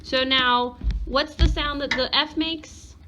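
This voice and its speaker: Slow, patient woman teaching phonics. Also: high voice, steady tone, noisy background. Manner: patient, sounds words out slowly. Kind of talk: one-on-one phonics lesson.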